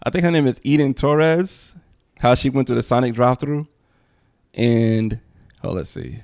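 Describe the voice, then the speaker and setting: A man's voice: mid-range voice, normal speed, darkish tone, no echo, studio quality. A man hosting a casual commentary livestream, rambling conversationally. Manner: rambling, conversational, frequent "you know what I'm saying". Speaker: livestream host.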